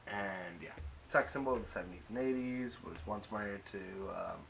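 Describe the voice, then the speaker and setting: A young man talks through a TV episode in a fairly low voice, hesitant and full of fillers. His tone is offhand, with wry asides. A faint hiss sits under the voice. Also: normal speed, gravelly, a bit bright, poor audio. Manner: rambling, hesitant, many fillers. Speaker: YouTube recap reviewer. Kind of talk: casual episode recap.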